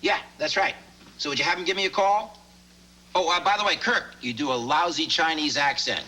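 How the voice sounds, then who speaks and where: A man's voice: fairly high pitch, brisk, sharp tone, rough recording. An actor playing a flustered grown son in a sitcom who stammers and trips over his words. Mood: amused. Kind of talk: sitcom acting.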